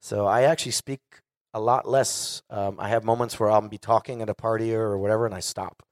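A man's voice: fairly low pitch, steady tone, brisk, darkish tone, no room sound, clean studio sound. A man in his forties, a singer, telling a candid and profane story casually to a live audience. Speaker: guest singer.

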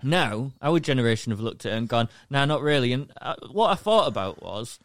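A man's voice: medium pitch, sing-song, a little fast, dry recording, studio quality. A young man, chatting casually on a podcast and rambling with lots of fillers. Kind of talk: casual chat.

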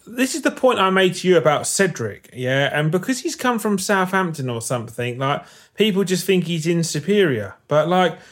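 A man's voice: high-pitched, big pitch swings, normal speed, few pauses. A man in casual football chat, blunt and sweary, making his case with stats. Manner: blunt, sweary, number-heavy opinions. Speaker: football podcast co-host.

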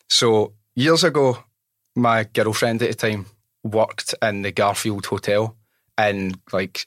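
Animated Scottish man hosting, dry mic. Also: on the low side, dry recording. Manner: lively, animated storyteller, swears casually. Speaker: podcast host. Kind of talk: casual interview chat.

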